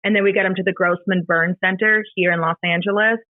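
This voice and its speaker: A middle-aged woman, a podcast guest, retelling a painful personal story in a halting, emotional way, with many fillers and restarts. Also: medium pitch, steady tone, no room sound. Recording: dry, tinny phone-like sound.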